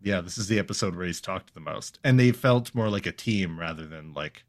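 Deep-voiced and fairly quick, a podcast co-host casually recaps a cartoon episode. He jokes around and brings the lines to life with silly put-on voices.

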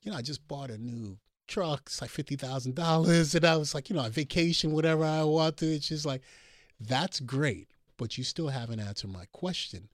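A man's voice: on the high side, a little fast, dry recording, studio quality. A middle-aged man from New Jersey, a doctor guest on a call-in show, telling a personal story and acting out the dialogue.

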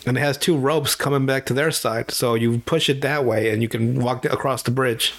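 A man hosting a podcast, retelling a cartoon plot in casual, profane chat full of quick impressions. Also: medium pitch. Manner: animated, profane storyteller with voices and laughs. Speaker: podcast host.

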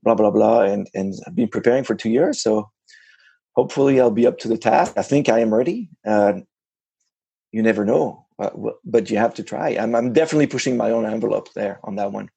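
A man with a low, gravelly voice with some fry, answering interview questions in relaxed, casual talk. He speaks in an animated way, stumbling and restarting as he goes. The recording is close and dry, with little room sound. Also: brisk, no room sound. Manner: animated, self-correcting, frequent restarts. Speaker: ocean kayak adventurer, interview guest.

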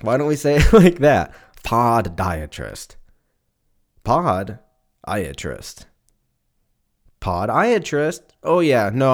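A man in his twenties from Southern California, hosting a casual solo podcast and rambling, joking and swearing freely. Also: fairly low pitch. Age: 20s. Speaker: podcast host.

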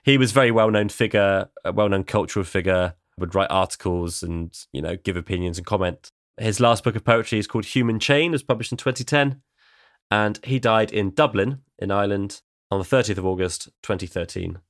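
Male podcast co-host, low pitch, relaxed wry explainer, dry close recording. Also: brisk, no echo. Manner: chatty, wry, explains at length. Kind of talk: casual chat about poetry.

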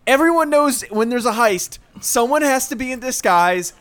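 A man's voice: extremely high pitch, animated, moderate pace, fairly bright tone, clean tone. A man co-hosting a casual chat, skeptical and firing off questions.

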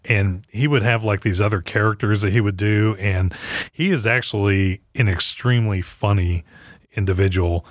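Low-voiced man hosting a podcast. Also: no echo, studio quality. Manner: reads a scripted intro, then chats casually. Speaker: podcast host. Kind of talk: casual podcast chat.

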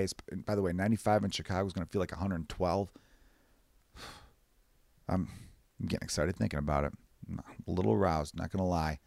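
A man hosting a podcast, rambling casually and profanely, short of breath and jumping into high mock voices. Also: gravelly, dry recording. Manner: profane, rambling, animated bursts into high-pitched mimicry. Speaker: podcast host. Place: away from his usual recording space.

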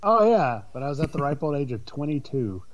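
A man's voice: fairly high pitch, sing-song, brisk. A man co-hosting a podcast, wry and joking, laughing often. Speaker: podcast co-host. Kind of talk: casual chat.

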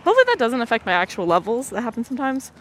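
A woman's voice: fairly high pitch, wildly swooping pitch, racing, fairly bright tone, a little hiss or hum. A young woman hosting a casual solo podcast, rambling and laughing often as she talks on a walk, recorded on a phone in her pocket. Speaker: podcast host. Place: outdoors on a muddy walk.

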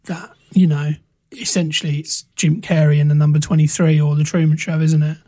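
A man co-hosting a casual film podcast, reading out trivia in a relaxed way with small restarts. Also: fairly high pitch, fairly quick, dry recording. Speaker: podcast co-host.

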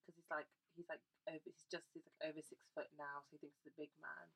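A young woman co-hosting a podcast, chatting casually and telling animated stories with quick asides. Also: deep voice, gravelly, very noisy. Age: young adult. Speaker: podcast co-host. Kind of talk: casual chat.

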